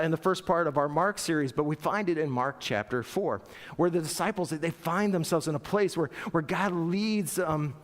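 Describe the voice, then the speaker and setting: Middle-aged male pastor, lively sermon delivery, high voice, big reverberant sanctuary. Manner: animated, playful, acts out voices with laughter. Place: church sanctuary. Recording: long church reverb.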